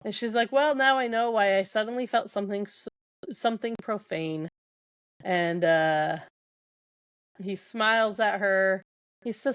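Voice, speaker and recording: A woman's voice: mid-range voice, unhurried, smooth, dry recording. A young adult woman co-hosting a podcast, retelling book scenes casually with quoted dialogue and lots of fillers. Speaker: podcast co-host.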